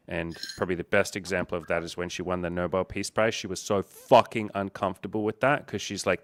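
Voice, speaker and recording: A man's voice: low-pitched, level tone, a little fast, few pauses, clean tone. A man hosting a casual coaching Q&A, talking in a candid, profane, easygoing way. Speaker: host.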